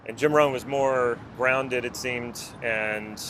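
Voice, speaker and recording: A man's voice: medium pitch, steady tone, slow pace, fairly bright tone, a little hiss or hum. A man who works as a personal development coach talks to the camera in an earnest, reflective way and asks the viewer many questions.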